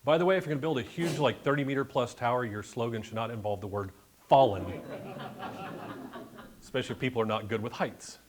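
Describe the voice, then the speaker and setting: A man's voice: medium pitch, a little fast. A man giving a chatty, joking slide-show talk about a birding trip to a live club audience. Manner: jokey, chatty asides. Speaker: guest presenter at a bird club meeting. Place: meeting room with an audience.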